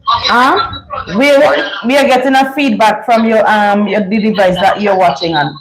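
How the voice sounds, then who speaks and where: A woman's voice: medium pitch, steady tone, moderate pace, poor audio. A woman from St. Vincent with a Vincentian accent, chatting casually as host of a livestream. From St. Vincent and the Grenadines.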